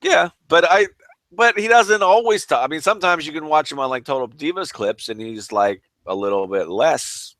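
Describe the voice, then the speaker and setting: A man's voice: a little high, normal speed, a bit bright, no room sound. A man co-hosting a wrestling podcast in casual chat, hedging his points with lots of "I mean.". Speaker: podcast co-host.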